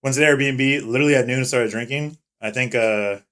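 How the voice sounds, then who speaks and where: A man's voice: medium pitch, a little fast. A young man co-hosting a casual podcast, telling profane stories and acting out what others said. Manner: swearing, animated retelling with quoted voices. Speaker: podcast co-host. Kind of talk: casual chat, storytelling.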